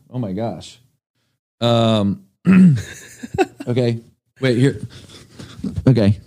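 A man's voice: mid-range voice, sing-song, extremely slow, long pauses, mellow. A man chatting as a podcast guest, self-deprecating and hesitant, with many fillers. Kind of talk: casual chat.

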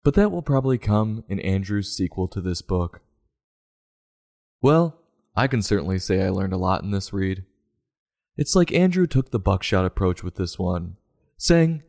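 A man's voice: sits low, very animated, normal speed, creaky, darkish tone. A man giving a comedic, sarcastic review of a children's book in a mock-exasperated way.

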